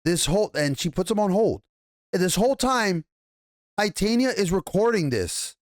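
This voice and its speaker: An exasperated TV reviewer rants with heavy swearing, circling back to the same complaints again and again. The voice sits at a middling pitch, and the recording is dry and close with no room sound. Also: very animated, moderate pace, no room sound. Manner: exasperated, swearing heavily, repeating points. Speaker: TV show reviewer. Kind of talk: angry rant review.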